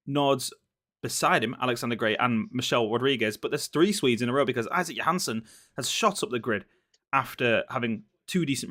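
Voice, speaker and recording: A man's voice: mid-range voice, fairly bright tone. A man with a Yorkshire accent commentating a sim racing league, chatty and joking. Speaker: race commentator. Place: commentary box.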